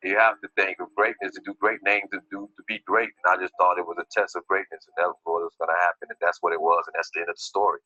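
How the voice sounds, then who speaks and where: A man's voice: low-pitched, little pitch movement, fast, few pauses, pushed and bright. A man giving documentary testimony, telling his story with emotion and many fillers, over dull lo-fi video sound with music behind. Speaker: interviewee recounting his injury.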